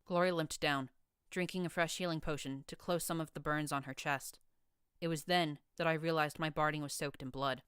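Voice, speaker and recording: A woman narrating a first-person fan fiction audiobook in an even storytelling manner, close to the mic. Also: low voice, normal speed, clear, resonant tone, no room sound.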